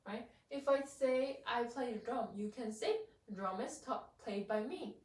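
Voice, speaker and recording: A woman's voice: a little high, expressive, measured pace, hardly any pauses, far from the mic. A woman whose first language is Korean, teaching an English grammar lesson in a patient, careful way, repeating herself and stressing her example sentences. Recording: echoey room, voice off-mic.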